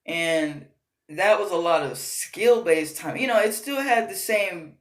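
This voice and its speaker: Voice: mid-range voice, expressive, unhurried. A gaming vlogger ranting casually, exasperated and profane, rambling with frequent fillers. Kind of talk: casual rant. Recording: roomy echo.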